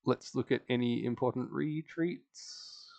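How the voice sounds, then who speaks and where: A man's voice: medium pitch, measured pace, vocal fry, a little mellow. A man casually recapping an online strategy game, laughing often and acting out the other players' lines. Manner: chatty, laughs often, acts out quoted players. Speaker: podcast host.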